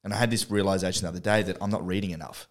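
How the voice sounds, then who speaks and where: A man's voice: low voice, fairly even intonation, very fast. A man co-hosting a podcast in casual chat, swearing freely and talking in a laid-back way. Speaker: podcast co-host. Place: studio.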